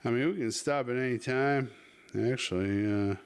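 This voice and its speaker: A man's voice: medium pitch, normal speed, smooth. A man hosting a podcast, telling a rambling, crude story full of swearing. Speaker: podcast host.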